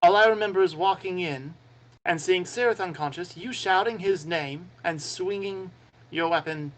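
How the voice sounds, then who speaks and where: Man at a game table, slightly high voice, jokey and chatty. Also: moderate pace, slight background noise, rough recording. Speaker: player. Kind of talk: casual tabletop game chat.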